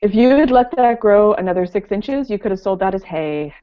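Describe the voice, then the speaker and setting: A woman's voice: mid-range voice, lively intonation, brisk. A woman on a casual live online panel, tossing off dry teasing quips. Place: home in Halifax. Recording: lo-fi online call audio.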